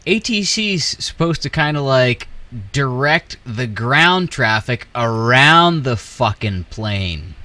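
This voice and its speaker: A man's voice: medium pitch, sing-song, slow pace, sharp tone, no echo. A young man giving casual flight sim gameplay commentary, ranting angrily and swearing.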